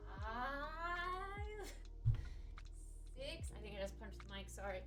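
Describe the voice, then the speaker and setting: High, slow-talking woman streamer chatting. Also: sing-song, background noise. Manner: chatty, talks to chat, cheers on viewers. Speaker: livestreamer. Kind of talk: casual live-stream chat.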